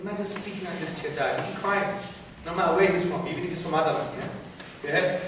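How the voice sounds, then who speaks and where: A man answering student questions in a university lecture hall, animated and often checking in with "yeah?". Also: a little high, brisk. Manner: animated, repeats "yeah?" to the audience. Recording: very echoey hall, noisy, from far off.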